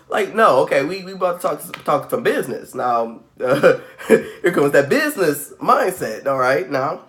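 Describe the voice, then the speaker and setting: A man's voice: fairly high pitch, big pitch swings, measured pace, a bit bright. A man in his thirties hosting a spiritual channel, talking casually to camera at home and saying "like" constantly. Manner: rambling, says "like" constantly, acts out quoted voices. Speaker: spiritual reading channel host.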